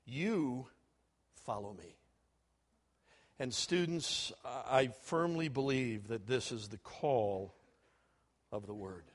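A man preaching to students, animated, acting out quoted speakers with big swings in volume. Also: medium pitch, slow pace. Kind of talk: sermon.

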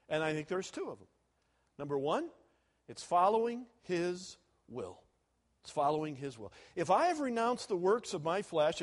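A man preaching a sermon to students, animated, moving between loud and soft and chuckling at his own jokes. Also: high voice.

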